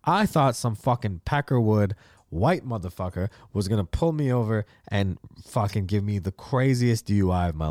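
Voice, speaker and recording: A man's voice: fairly low pitch, no room sound, clean studio sound. A man in his late twenties hosting a podcast, telling stories in a casual, profane monologue and acting out the people he quotes. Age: late 20s. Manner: profane, animated, acts out quotes. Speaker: podcast host.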